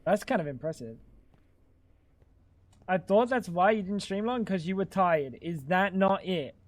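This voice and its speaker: A man's voice: high voice, lively intonation, measured pace, no echo. A young man live-streaming a game, chatting casually and bantering with chat while swearing freely.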